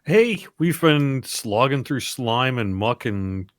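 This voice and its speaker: A man's voice: medium pitch, animated, slow pace, no echo, clean studio sound. A man playing a tabletop game, chatting casually with a wry, take-charge manner. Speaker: player.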